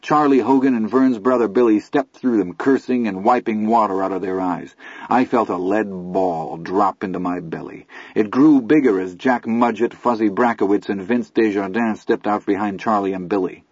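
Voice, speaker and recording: Low husky guy reading an audiobook, dry dull lo-fi sound. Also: normal speed, no echo. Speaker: audiobook narrator. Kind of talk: scripted narration.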